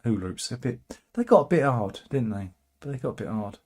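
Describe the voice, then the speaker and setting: A man's voice: medium pitch, sing-song, brisk, darkish tone. Sardonic British man rambling through news. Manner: sardonic, rambling, chuckling asides. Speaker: host of a satirical news channel. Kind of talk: casual satirical news commentary.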